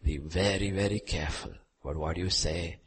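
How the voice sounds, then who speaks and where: Preacher man with a husky voice. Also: deep voice, normal speed. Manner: swings from quiet asides to loud, soaring exhortation; repeats short commands for emphasis. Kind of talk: sermon.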